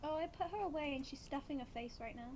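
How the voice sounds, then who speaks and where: A woman's voice: high voice, fast, a little mellow, a little hiss or hum. A British woman playing a tabletop game, teasing and playful in casual chat.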